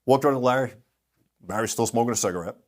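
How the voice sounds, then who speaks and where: A middle-aged man speaking as a guest in an interview, telling lively anecdotes and acting out the voices of people he quotes. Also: mid-range voice, fast talker. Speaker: guest speaker, industry consultant. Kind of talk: storytelling in a podcast interview.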